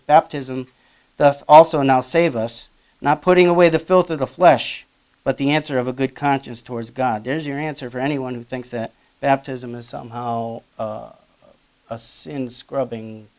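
A man preaching a sermon, reading old-style Bible verses aloud with loud emphatic rises and quieter asides. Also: mid-range voice.

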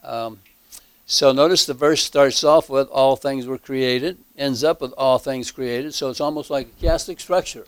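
A man teaching a Bible class, slow and halting, with many fillers and emphatic repeats. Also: medium pitch, fairly even intonation, no room sound. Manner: emphatic repetition.

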